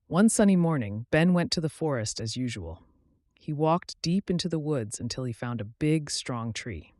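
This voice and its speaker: Clear, expressive male storyteller, medium pitch with a lot of lift, dry close sound. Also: moderate pace, no echo. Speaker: channel host and storyteller. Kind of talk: scripted story narration for English learners.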